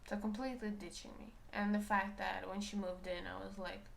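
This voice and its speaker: A woman's voice: medium pitch, flat delivery, a little fast, creaky. A woman talking candidly and emotionally about her own feelings, questioning herself as she goes. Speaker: spiritual reader. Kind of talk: personal reflective talk.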